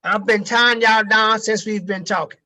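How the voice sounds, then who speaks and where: A man's voice: sits high, fairly even intonation, moderate pace, pushed and bright. A man giving a casual sales training talk to a group, emphatic and repeating key phrases, with casual swearing.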